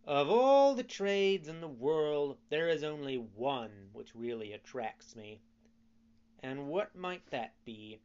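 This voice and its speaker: A man's voice: on the high side, expressive, slow pace, darkish tone, dull audio. A man voicing a rude, hot-tempered wooden puppet boy in a storybook reading, with a raised, brash voice. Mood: defiant.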